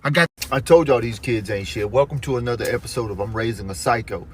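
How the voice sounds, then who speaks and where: A man telling comedic stories about his kids in an exasperated, profane, animated way. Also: medium pitch, quick pace, slight background noise. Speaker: comedic storyteller. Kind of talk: comedic storytelling.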